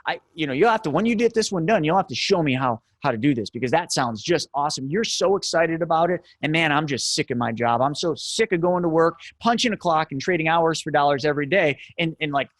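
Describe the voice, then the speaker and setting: A man voicing a weary working-class neighbor who is sick of his factory job and talks in a low, stammering, hesitant way. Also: lively intonation, fast talker, few pauses, a bit bright, dry recording, studio quality.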